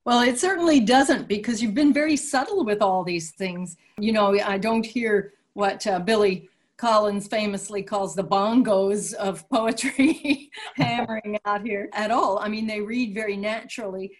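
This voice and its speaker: A woman's voice: mid-range voice, measured pace, hardly any pauses. Female interviewer, eager and admiring, casual conversational delivery. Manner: enthusiastic, asks questions, admiring.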